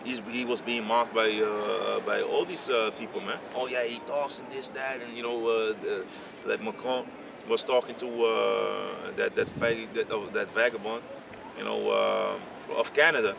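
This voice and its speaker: A man in a casual group discussion who speaks haltingly with many fillers and builds into heated rhetorical questions. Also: on the low side. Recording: distant mic, clear outdoor noise.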